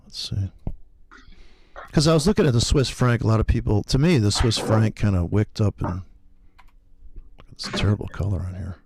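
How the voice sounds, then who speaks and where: A man's voice: lowish voice, moderate pace, creaky, long pauses, darkish tone, breathy edge. A man hosting a casual livestream, rambling and profane as he calls the markets. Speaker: host, forex trader.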